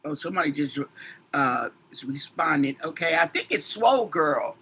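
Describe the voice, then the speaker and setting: Lively, bright-voiced woman tarot reader. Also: low-pitched, moderate pace, husky. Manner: rambling, talks straight to commenters. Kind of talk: casual livestream chat.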